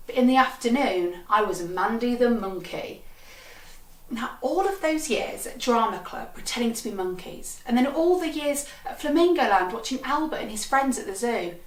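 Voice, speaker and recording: Brief: a wry, deadpan woman storyteller with a fairly high voice, in an echoey room, mic set back. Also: distant mic. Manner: deadpan, wry, punchy delivery. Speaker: comedian storyteller. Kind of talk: comic storytelling performance.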